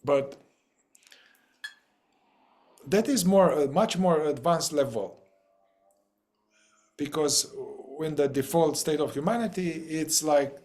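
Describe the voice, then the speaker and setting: A man's voice: fairly high pitch, unhurried, a little mellow. A man facilitating a group talk over a video call, casual and playful, often laughing and trailing off mid-thought.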